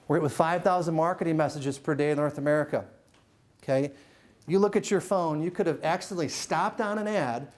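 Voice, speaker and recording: A middle-aged man giving a live motivational keynote to a room, joking and teasing the crowd with quick questions. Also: a little high, darkish tone. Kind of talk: live stage talk to an audience. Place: event room with a live audience.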